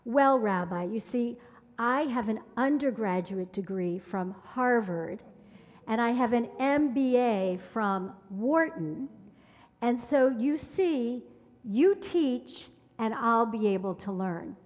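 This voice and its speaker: Woman doing an overconfident young guy, breezy and sure of himself, slow, echoey hall. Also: a little high, animated. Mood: self-assured. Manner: self-assured, breezy. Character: cocky, overconfident young male student. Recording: reverberant sanctuary from afar.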